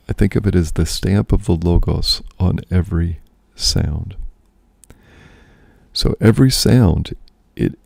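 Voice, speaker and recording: A man's voice: low voice, creaky, a little mellow, no echo, clean studio sound. A man, a priest and host, musing aloud in casual spoken reflection, often checking in with "right?".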